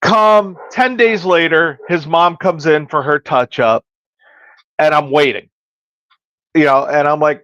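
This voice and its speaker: A man's voice: on the high side, measured pace, a bit bright, dry recording, highs cut off. A man hosting a podcast and working as a hairstylist, telling stories in casual chat and acting out the dialogue in them. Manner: storytelling, acting out quoted dialogue.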